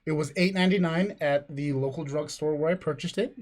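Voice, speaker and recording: A man with a somewhat high voice co-hosts a casual podcast. He rambles from one crude joke to the next in a loose, offhand way. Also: fairly quick, darkish tone. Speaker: podcast co-host.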